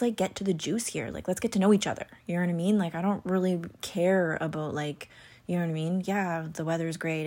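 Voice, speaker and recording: A woman chatting casually about astrology, rambling and full of "like" and "you know", sometimes dropping into soft whispery asides. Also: on the low side. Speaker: astrology content creator. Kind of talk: casual chat.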